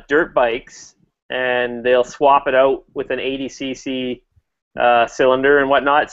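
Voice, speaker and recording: A man's voice: mid-range voice, fairly bright tone, clear, resonant tone. Rambling man in a dull lo-fi call. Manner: rambling, many fillers and restarts. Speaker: motovlogger hosting a chat. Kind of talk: casual chat.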